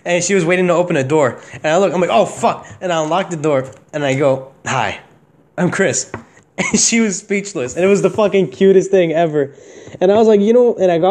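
A man's voice: on the high side, a little mellow. A young man hosting his own podcast, telling a personal story in a casual, rambling way, full of slang and swearing. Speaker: podcast host.

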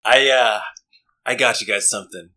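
A man's voice: mid-range voice, moderate pace, pushed and bright. A man playing in a tabletop game, playful and laughing as he acts out what his character says. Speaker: player. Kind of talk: tabletop role-play chat.

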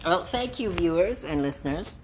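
A woman's voice: on the low side, lively intonation, moderate pace, noisy background. A woman hosting a comedy podcast who rambles playfully, breaking into giggles and grand mock speeches. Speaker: podcast host.

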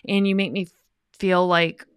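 A woman's voice: lowish voice, a little slow, smooth, no room sound, clean studio sound. A woman in her thirties co-hosting a faith-based marriage podcast, talking in a wordy, openly emotional way. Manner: wordy, emotional, animated when she acts out friends. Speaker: podcast co-host.

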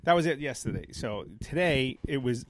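A man's voice: medium pitch, expressive, moderate pace, no room sound. Rambling New man telling stories. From New York. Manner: rambling, self-interrupting anecdotes. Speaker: podcast co-host, mail carrier. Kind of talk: casual chat, storytelling.

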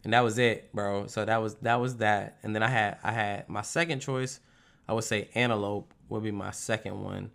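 A young man tells stories in casual, profane chat. His voice is gravelly with a bright, forceful edge. He acts out the lines of the people in his stories with animated energy. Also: on the low side, normal speed. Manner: animated, profane storytelling with lively put-on quotes.

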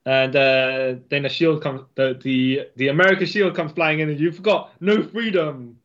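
A man's voice: medium pitch, steady tone, moderate pace, a bit bright. A man in casual chat, retelling a comic in a rambling, hesitant way with many fillers. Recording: slightly dull sound.

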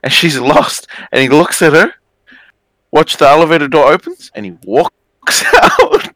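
A man in a casual chat who swings his pitch widely while he acts out a story. His high, bright voice moves slowly, and it sounds dry and close. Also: no echo, rough recording. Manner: animated, acts out the characters in his stories.

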